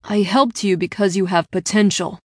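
A woman voicing a young male prince in an audiobook, with a cool, measured delivery and a mid-range voice. She reads him close to her own speaking voice. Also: medium pitch, fairly even intonation, darkish tone, dry recording, natural voice. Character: young male prince, smug then earnest. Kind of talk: audiobook character voice.

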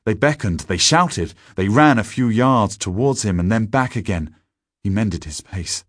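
A man reading a story aloud in a measured, deliberate audiobook narration. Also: fairly low pitch, animated, dry recording, studio quality.

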